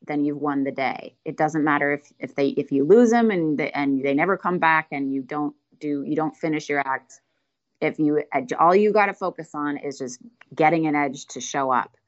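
Low-voiced woman, chatty storyteller. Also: muffled recording. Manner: chatty, laughs often, self-deprecating. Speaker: street performer guest. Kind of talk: casual interview storytelling.

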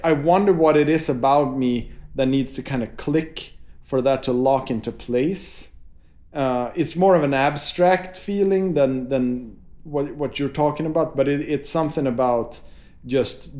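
A man's voice: mid-range voice, a little mellow. A man in casual conversation as interviewer, thoughtful and searching for the right words.

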